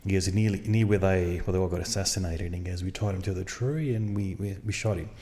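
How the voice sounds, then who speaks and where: A man hosting a podcast, telling a story in a casual, animated way and acting out the dialogue. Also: sits low, fast talker. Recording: long reverb.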